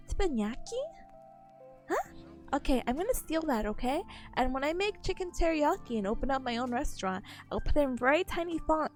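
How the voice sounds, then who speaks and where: A young woman chatting casually on a live stream, bubbly and giggly, her voice slightly nasal and worn from a cold. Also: sits high. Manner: bubbly, giggly, greets chat warmly. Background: faint music.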